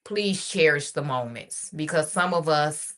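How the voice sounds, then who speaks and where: A woman's voice: sits low, a little slow, fairly bright tone. A woman hosting a radio podcast in casual solo talk, heartfelt and chatty, often repeating her phrases.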